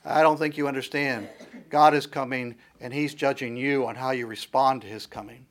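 A middle-aged pastor preaching a sermon, building his points through repeated rhetorical questions and a steady preaching cadence. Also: mid-range voice, normal speed.

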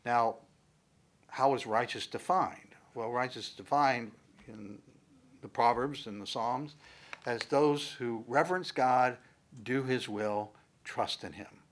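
A man's voice: mid-range voice, takes it slowly. Man preaching a conversational sermon. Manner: conversational teaching, rising to emphatic loud stresses. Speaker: pastor. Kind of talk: sermon, Bible teaching.

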